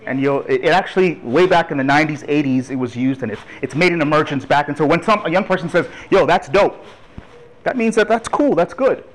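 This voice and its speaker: A man in his thirties from Toronto gives a lively, chatty church talk on urban ministry and laughs along with the congregation. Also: a little high, fast talker, hardly any pauses, low-quality recording. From Toronto, Canada. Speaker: guest speaker on urban ministry.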